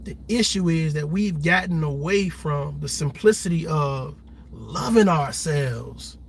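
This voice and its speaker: A man's voice: on the high side, a little slow, slight background noise. A man giving passionate reaction commentary, preaching at his viewers and acting out the people he quotes. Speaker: commentary host.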